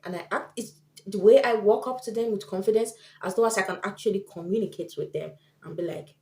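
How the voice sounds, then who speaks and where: Speaking briskly with a medium-pitched, dark-toned voice, a woman vlogger offers tips in chatty talk to camera. She frequently performs the people she quotes, and the room sounds echoey.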